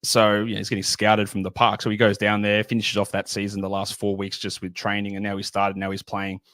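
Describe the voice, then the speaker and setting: A man's voice: lowish voice, monotone, a little fast, a bit bright, dry recording. A middle-aged man chatting as a podcast guest, rambling and repeating words as he jokes around. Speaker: guest analyst. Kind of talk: casual podcast chat.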